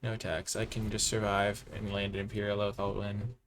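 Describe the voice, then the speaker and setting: A man's voice: fairly low pitch, completely flat delivery, brisk, a little hiss or hum. A man hosting live gameplay commentary, thinking aloud and reacting to each play with groans, exclamations and wry self-mocking asides. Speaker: host.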